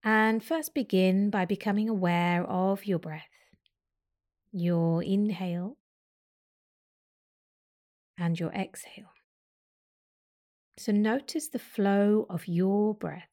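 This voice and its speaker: A woman yoga teacher guides a breathing meditation in a soft, gentle voice. She gives calm, unhurried instructions, pausing between the steps. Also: mid-range voice. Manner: slow, gentle guiding instructions.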